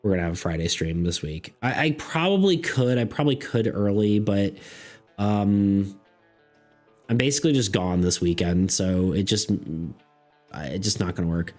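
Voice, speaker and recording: A low-pitched man chats loosely on a live stream, answering messages with lots of "um" and restarts. He meanders through his thoughts in a relaxed, offhand way. Soft background music plays faintly under his voice. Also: moderate pace. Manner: rambling, lots of fillers and restarts, reads chat messages aloud. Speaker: streamer reading chat. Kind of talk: casual stream chat.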